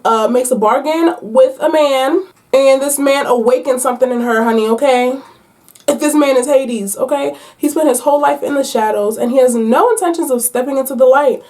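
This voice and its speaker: A woman book vlogger chatting casually and playfully with her viewers about her reading picks. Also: high voice. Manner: chatty, animated, playful slang. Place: at home.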